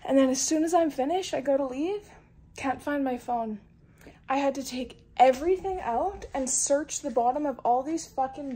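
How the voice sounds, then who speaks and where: Give me a young woman with a high voice rambling frankly in a daily vlog, tired and exasperated, over noisy phone audio. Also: a little mellow. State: tired and sweaty. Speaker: vlogger. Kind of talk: casual vlog chatter. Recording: phone vlog with clear background noise.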